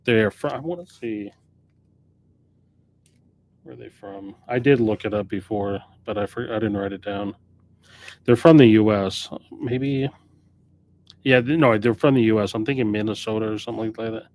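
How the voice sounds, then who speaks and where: A little hiss or hum sits under this lowish, darkish male voice as he speaks at a moderate pace with frequent pauses. He owns a record store and rambles off the cuff through a casual live stream about new arrivals, correcting himself mid-sentence often.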